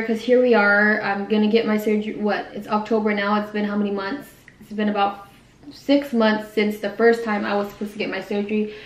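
A woman's voice: mid-range voice, roomy sound, poor audio. A young woman vlogger chatting casually while eating, rambling and correcting herself as she goes. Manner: rambling, self-correcting, says she talks fast. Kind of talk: casual mukbang chat. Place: quiet room at home.

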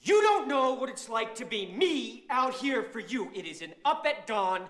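An actor playing a desperate, striving male sports agent who talks earnestly and pushes himself into yelling, in a film scene. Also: extremely high pitch, sing-song, moderate pace, background noise. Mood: pleading. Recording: roomy film audio with music.

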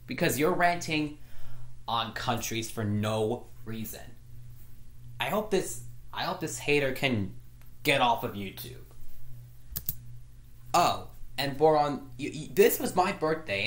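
A woman ranting in a frustrated, repetitive way, stumbling and restarting her sentences. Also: sits low. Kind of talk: angry vlog rant. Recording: echoey room.

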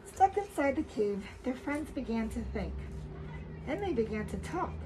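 A woman reading a children's story aloud at a camp, expressive with loud dramatic outbursts. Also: fairly high pitch, moderate pace, noisy background.

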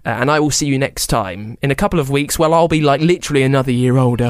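A man's voice: mid-range voice, quick pace, clear, resonant tone. A man hosting a podcast, asking questions and signing off with chatty, self-deprecating jokes. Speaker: podcast host. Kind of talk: podcast interview and sign-off.

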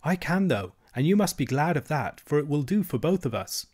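A man's voice: on the high side, big pitch swings, normal speed, a little mellow, husky, voice pushed up. A man voicing an insistent young princess. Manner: raised, eager, persistent voice.

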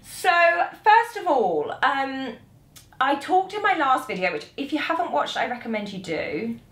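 A woman's voice: high-pitched, very animated, a little slow, fairly bright tone. A British woman, a young adult, giving a casual music lesson to camera, chatty and laughing at herself. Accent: British English. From Britain. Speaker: saxophone teacher. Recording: echoey room.

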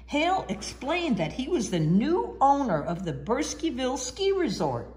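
A woman reading a children's storybook aloud in an expressive, sing-song way. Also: mid-range voice, a little slow. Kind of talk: children's book read-aloud.

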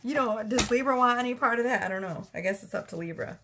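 A woman's voice: fairly high pitch, fast talker, very noisy. Blunt, profane woman reading tarot. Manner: blunt, profane and chatty, often breaking into laughter. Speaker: tarot reader.

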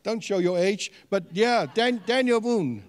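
A man preaching a sermon as a pastor, animated and questioning his congregation, with many fillers and restarts. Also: high-pitched, measured pace, long reverb tail.

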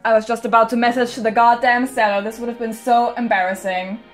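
A young woman vlogging a casual unboxing at home, excitable and chatty, quick to laugh and to squeal in frustration. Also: fairly high pitch, soft background music. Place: at home, washing machine running.

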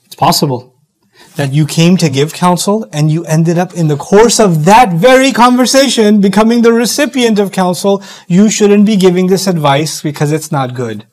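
A middle-aged man giving a sermon-style lecture, animated, acting out quoted voices as he teaches. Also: high voice, moderate pace, low-quality recording. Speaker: Islamic speaker.

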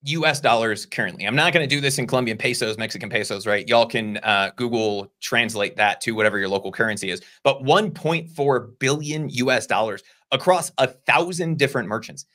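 A man co-hosting a casual discussion show, explaining points in a conversational way with quick asides. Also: mid-range voice, pushed and bright. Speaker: podcast co-host.

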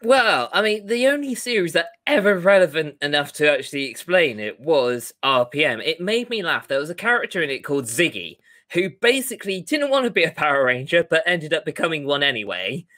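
A man co-hosting a casual podcast chat, animated and quick to act out scenes he retells. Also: on the high side. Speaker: podcast co-host.

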